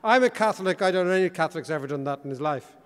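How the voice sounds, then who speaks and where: An Irish man delivers a conference keynote in a wry, joking, animated way. His voice sits high for a man. The sound carries the long reverb of a large hall. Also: very fast, smooth. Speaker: keynote speaker. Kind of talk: conference speech.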